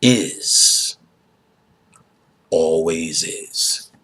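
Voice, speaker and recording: A man voicing his dying grandfather, speaking slowly and solemnly in a hushed voice. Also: rumbling low, animated, breathy edge, voice pushed down, heavily acted.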